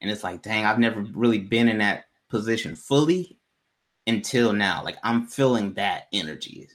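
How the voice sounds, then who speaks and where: A man with a somewhat low voice speaks at normal speed, casually telling his co-host a story about himself. He's laid-back and slangy but gets animated when quoting people.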